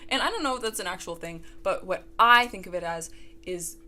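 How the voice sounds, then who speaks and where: A young woman vlogger rants through a book review with exasperated sarcasm, leaning on "like" between her complaints. Her voice is bright and forward. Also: medium pitch, expressive, brisk. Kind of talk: ranting book review vlog.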